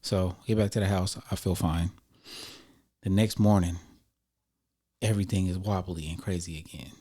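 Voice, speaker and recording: A man casually telling a personal story to his viewers in a relaxed, slangy, conversational way. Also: low voice, normal speed.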